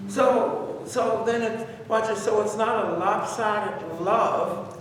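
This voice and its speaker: A man with a high voice leads a church Bible study, repeating his points and urging the group to stop and think. He is recorded from a distance in a very echoey room with a long hall reverb. Faint room ambience sits underneath. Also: slow, background noise. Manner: conversational, repetitive, exhorting.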